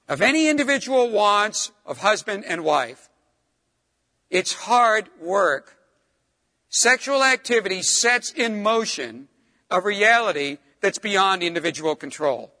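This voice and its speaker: A middle-aged man preaches with a high, bright voice that carries through a large reverberant hall. He pushes up hard on stressed words, then drops low and soft for asides. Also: lively intonation, measured pace. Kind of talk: sermon.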